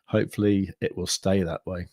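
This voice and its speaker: A man's voice: deep voice, fairly even intonation, brisk, a little mellow, no echo, clean studio sound. An English man from the Midlands with a mixed southern accent, rambling casually through viewer comments as a livestream host, with lots of fillers. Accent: English, mixed Midlands and southern English with some years in France. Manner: rambling, many fillers and restarts.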